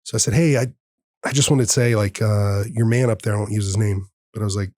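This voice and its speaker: A man's voice: fairly low pitch, fairly even intonation, fast talker, dark tone, no room sound, clean studio sound. A man in his thirties, a podcast host, telling a personal story in an earnest, heartfelt way and acting out the dialogue. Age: 30s. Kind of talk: personal storytelling in casual conversation.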